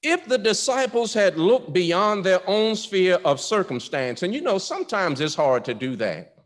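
High, lively preacher in a reverberant hall. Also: male voice, moderate pace. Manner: repeats words when starting phrases, conversational and emphatic. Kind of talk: sermon.

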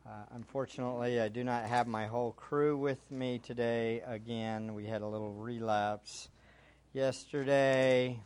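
A man's voice: medium pitch, steady tone, a little slow, darkish tone, clean tone. A pastor, chatting wryly with his congregation before moving into an earnest sermon. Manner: chatty and wry, then earnest preaching.

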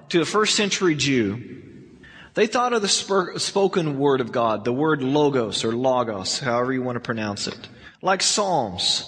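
Guy teaching bible study, talks casual but pushes his points hard, keeps restarting lines, voice sits pretty high. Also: fairly bright tone. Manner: conversational, emphatic, with frequent restarts. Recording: long hall reverb.

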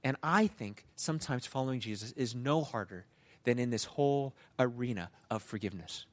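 This male pastor delivers his sermon in a conversational, animated storytelling style. He speaks at a moderate pace in a mid-range voice.

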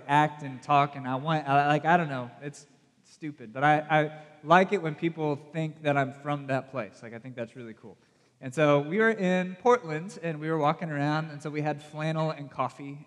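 Southern-accented male pastor, casual and self-deprecating, slightly higher voice, long hall reverb. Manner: chatty, self-deprecating, direct questions to the audience. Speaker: youth pastor. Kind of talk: casual conversational sermon.

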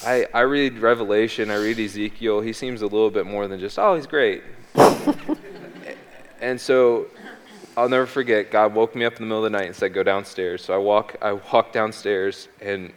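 Speaking from a stage as a guest, this man tells the story of his faith, stumbling through frequent ums and false starts. He has a smooth voice of fairly low pitch, caught in a long reverberant hall.

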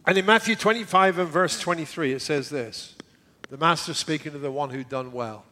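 A middle-aged man preaching a sermon earnestly, repeating key words and often dropping to a hushed near-whisper. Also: on the high side, normal speed. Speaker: pastor.

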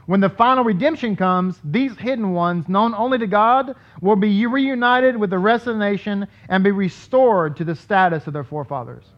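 A man, a rabbi, teaching Torah to his congregation in a casual, digressive way, often acting out the people he quotes. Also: high-pitched. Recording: dull lo-fi recording.

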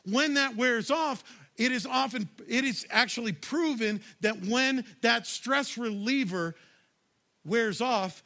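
High, bright-voiced emphatic preacher man. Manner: emphatic, punchy, shouts key lines; conversational, addresses audience directly. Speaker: pastor. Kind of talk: sermon.

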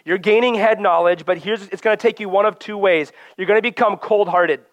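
A man's voice: high-pitched, a little fast, dry recording, muffled recording. A man preaching a sermon in an earnest, conversational way, often acting out quoted voices and prayers.

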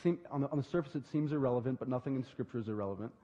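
A man preaching a sermon, telling a story with lively, acted-out dialogue. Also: mid-range voice, racing. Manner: animated storytelling, acting out dialogue in lively voices. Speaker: pastor. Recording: dull lo-fi sound with long hall reverb.

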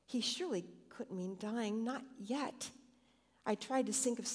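A woman's voice: medium pitch, darkish tone, long reverb tail. A woman reading a personal story aloud expressively to a congregation. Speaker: scripture reader.

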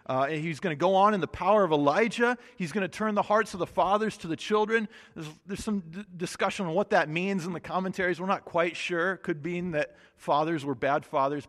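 A man with a high voice preaches in a relaxed, conversational way, joking and restarting his phrases as he explains scripture. His voice rings with a long reverb, as if he is in a church hall. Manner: casual, chatty preaching with restarts and humor. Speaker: pastor. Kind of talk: sermon with Bible reading.

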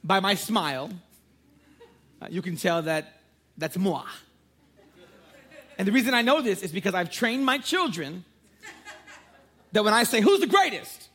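A pastor in his thirties with a husky, slightly breathy voice pitched a little high. He preaches with a playful, joking storyteller's touch and prays with fervor. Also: expressive, a little slow, pauses often, fairly bright tone. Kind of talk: sermon.

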